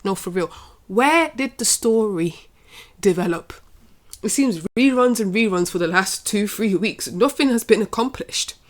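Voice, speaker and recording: A woman's voice: mid-range voice, lively intonation, unhurried. Exasperated woman ranting about wrestling. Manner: exasperated, repeats herself, trails off. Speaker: wrestling commentary channel host. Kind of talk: opinionated casual rant to camera.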